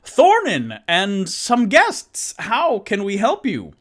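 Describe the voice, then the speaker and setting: A man's voice: medium pitch, wildly swooping pitch, slow pace. A man voicing a timid, polite, lawful-good male adventurer who stammers nervously. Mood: loud nervous.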